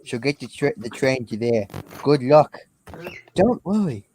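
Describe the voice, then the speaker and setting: Lively crude-joking man on a stream. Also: mid-range voice, a little slow, a little hiss or hum. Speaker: streamer co-reading a storybook. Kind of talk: casual comic banter.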